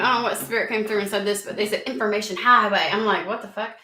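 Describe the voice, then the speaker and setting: A woman giving a casual, animated tarot reading to her viewers, swearing freely as she talks through the cards. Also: mid-range voice, fast. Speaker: tarot reader. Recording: roomy echo.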